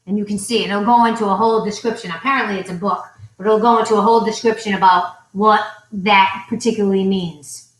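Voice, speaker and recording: A woman's voice: medium pitch, steady tone, fast talker. A woman co-hosting a casual couple's vlog at home, chatty and teasing while feeling sick. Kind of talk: casual live chat. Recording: roomy echo.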